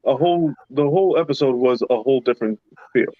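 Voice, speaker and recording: A man's voice: medium pitch, quick pace, dry recording, phone-quality sound. A young man co-hosting a podcast, venting bluntly about a TV episode and swearing heavily. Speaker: podcast co-host. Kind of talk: casual chat.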